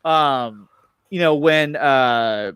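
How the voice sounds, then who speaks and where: A man hosting a casual chat about movie news. He is excited, repeats his words and often restarts his sentences. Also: fairly high pitch, very slow, clear, resonant tone, no echo, clean studio sound. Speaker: show host.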